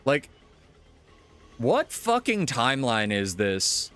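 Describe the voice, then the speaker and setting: A man's voice: medium pitch, wildly swooping pitch, slow pace, fairly bright tone, clean tone. A male streamer from the United States in casual live-stream chat, ranting with lots of swearing and exasperation.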